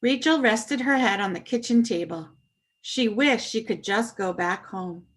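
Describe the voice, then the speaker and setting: A woman reading a children's story aloud with puppets, expressive and animated. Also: on the high side, a little slow.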